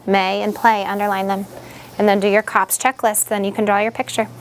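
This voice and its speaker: A woman's voice: medium pitch, flat delivery, a little fast, slight background noise. A woman teaching young students in a classroom, leading them patiently with repeated questions.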